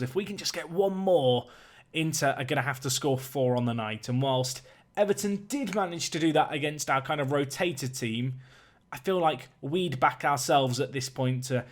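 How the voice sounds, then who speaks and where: A young man with a medium-pitched voice delivers energetic play-by-play on a football management video game, his excitement building whenever a big chance comes along.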